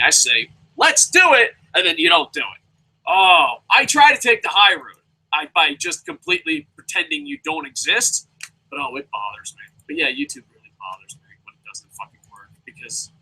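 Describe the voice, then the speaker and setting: A man's voice: on the high side, sharp tone, husky, rough recording. A young man hosting a casual live wrestling review, ranting profanely and rambling with goofy sound effects. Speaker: wrestling review show host.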